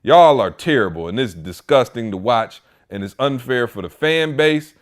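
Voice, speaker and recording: A man's voice: mid-range voice, expressive, moderate pace. A man co-hosting a podcast, reading listener questions in a casual chat with joking, exasperated rants. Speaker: podcast co-host.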